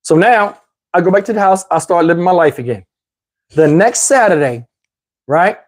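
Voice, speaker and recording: A man doing stand-up storytelling, animated and addressing the audience. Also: sits high, moderate pace. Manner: animated, talks to the audience, mimics voices. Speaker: comedian telling a story.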